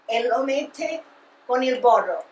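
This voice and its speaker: A woman's voice: a little high, expressive, measured pace, slight background noise. A woman playing a bossy old Italian mama. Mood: scolding. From Italy. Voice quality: scolding, nagging. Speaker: meddling mother. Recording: echoey and distant from the mic.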